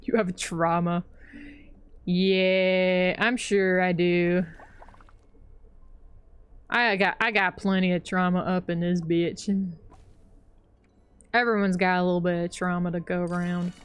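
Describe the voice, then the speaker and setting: A woman's voice: lowish voice, flat delivery, takes it slowly, long pauses, clear, resonant tone, dry recording. A young adult woman streaming a game and chatting casually, rambling with lots of fillers and frequent laughter. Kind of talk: casual chat while gaming.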